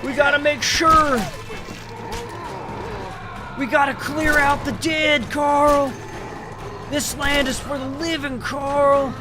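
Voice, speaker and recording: Man putting on a high, shouted crusader voice, fanatical, off-mic, stretched-out words. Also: level tone, takes it slowly, pauses often, over music. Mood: zealous. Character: zealous excitable man shouting orders at Carl.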